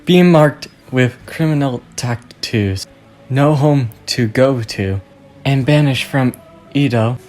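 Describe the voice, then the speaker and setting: A man casually retelling a story, in a plain, halting way. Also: mid-range voice, darkish tone, soft background music.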